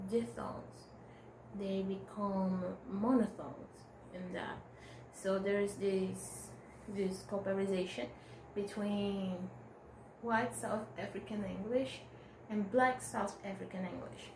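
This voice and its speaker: Woman, student presenter, slow careful delivery, echoey room. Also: medium pitch, darkish tone, a little hiss or hum. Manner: hesitant, restarts words, small laughs. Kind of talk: class presentation.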